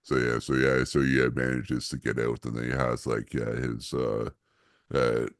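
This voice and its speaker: A man's voice: a bass voice, little pitch movement, normal speed, dry recording, studio quality. A man co-hosting a podcast, chatting casually about a cartoon episode in a rambling way with lots of fillers and frequent laughter. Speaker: podcast co-host.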